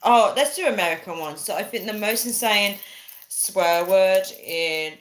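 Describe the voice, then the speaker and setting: A woman's voice: mid-range voice, expressive, a little slow. A young woman hosting a casual livestream, chatting with viewers, reading their comments aloud and laughing often. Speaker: livestream host. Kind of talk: casual live chat with viewers.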